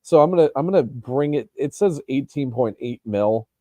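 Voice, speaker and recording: A man's voice: mid-range voice, animated, moderate pace, dark tone, dry recording. A man co-hosting a sports podcast, chatting casually and hesitantly, with plenty of restarts and ums. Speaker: podcast co-host.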